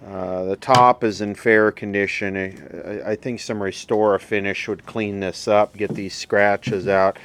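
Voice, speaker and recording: A man's voice: fairly low pitch, little pitch movement, unhurried, few pauses, fairly bright tone, a little hiss or hum. A middle-aged man casually narrating as he inspects old equipment in a workshop, thinking aloud with mumbled asides. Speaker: repair video host.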